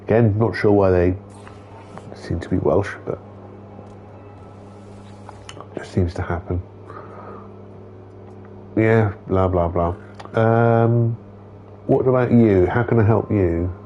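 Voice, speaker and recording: A man's voice: lowish voice, slow pace, long pauses, lo-fi sound, a little hiss or hum. A man streaming a game, chatting casually, talking to the characters and reading their dialogue aloud. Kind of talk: casual gameplay commentary.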